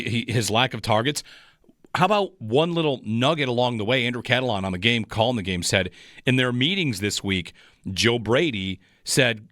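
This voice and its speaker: Male sports radio host, mid pitch, dry studio sound, rambling frustrated analysis. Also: fairly bright tone, no room sound. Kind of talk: sports talk radio monologue.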